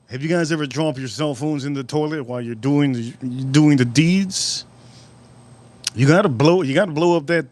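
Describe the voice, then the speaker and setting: A man hosting a live stream outdoors at a barbecue, chatting casually and rambling through animated stories. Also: fairly high pitch, no echo.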